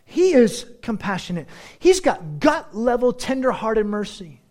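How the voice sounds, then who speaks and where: A middle-aged man preaching as a pastor, shifting between slow, weighty phrases and quick, animated asides. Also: very high voice. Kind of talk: sermon.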